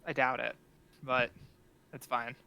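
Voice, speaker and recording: A man's voice: medium pitch, level tone, slow, creaky, sharp tone, slight background noise. A man playing a tabletop game, making wry, resigned remarks in casual chat. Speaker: player.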